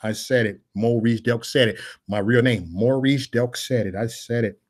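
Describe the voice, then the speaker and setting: A man of middle pitch rants like a street preacher, hammering the same phrases over and over. He drops casual slang between sermon-style declarations and swings from loud outbursts to low, muttered asides. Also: steady tone, normal speed. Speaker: political vlogger. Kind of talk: preachy live-stream monologue.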